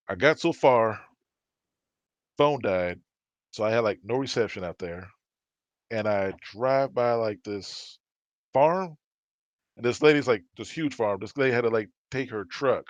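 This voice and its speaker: A man casually telling work stories on a podcast, acting out the people he quotes with lively voices. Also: medium pitch, no room sound. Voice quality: animated, acts out quoted dialogue. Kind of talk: casual storytelling chat. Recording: dry, dull lo-fi sound.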